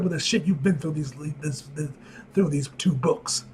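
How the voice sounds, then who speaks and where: A young man giving a casual comic-book reaction, excited, swearing and saying "like" and "bro" often. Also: fairly high pitch, normal speed.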